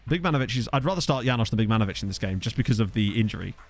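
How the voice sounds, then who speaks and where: A man's voice: on the low side, animated, racing, soft background music. A young man casually chatting to his live chat while playing a game, rambling and reacting as he goes, into a desktop microphone. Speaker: gaming streamer. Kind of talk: casual live-stream commentary. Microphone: desktop USB microphone.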